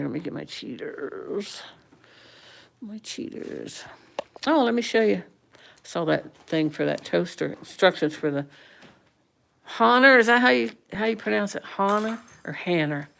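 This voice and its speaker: Woman, 60s, livestream host, casual chat, low voice, heavy vocal fry, rambling with fillers. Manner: rambling, chatty, with many fillers and restarts.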